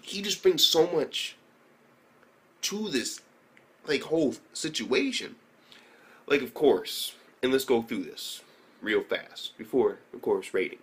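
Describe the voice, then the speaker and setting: A young man talks through an anime episode in a loose, swearing, excitable rush. His voice sits at an ordinary middle pitch, and he keeps breaking into mock impressions of the characters. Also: slow pace, pauses often. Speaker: anime reviewer. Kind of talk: casual profane recap.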